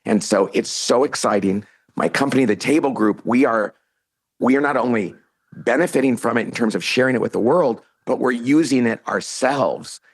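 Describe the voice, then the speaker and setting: A middle-aged man with a husky, slightly breathy voice, telling a story as a podcast guest. He talks animatedly and acts out the lines he quotes. His voice sits in an ordinary male pitch range. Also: moderate pace. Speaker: podcast guest, author and CEO. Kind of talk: storytelling in a casual interview.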